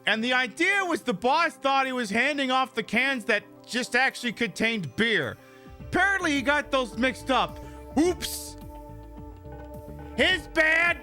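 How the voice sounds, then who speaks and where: A man's voice: very high voice, sing-song, normal speed, bright, forceful tone, faint music behind. A man hosting a game stream, rambling and joking casually, swearing freely as he plays. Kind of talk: casual gameplay commentary.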